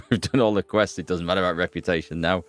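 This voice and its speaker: A man's voice: low voice, steady tone, fast, soft background music. A man hosting a gaming playthrough, chatting, joking and thinking aloud. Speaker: gaming host. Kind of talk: let's play commentary.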